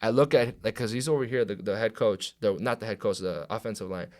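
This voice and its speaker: Here a young pro wrestler appears as a podcast guest, spinning a story in loose, profane conversation and acting out others' lines with energy. His voice leans low and his pace is fairly quick.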